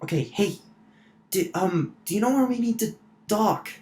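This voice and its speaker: A man doing a high, eager young sailor woman. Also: lively intonation, normal speed, darkish tone. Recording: roomy echo.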